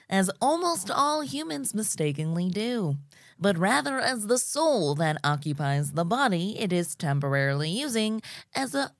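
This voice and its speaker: A woman voicing a solemn male cult leader, reading his statement in a slow, drawn-out, lofty way. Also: medium pitch, no echo, pitched above the performer's own voice.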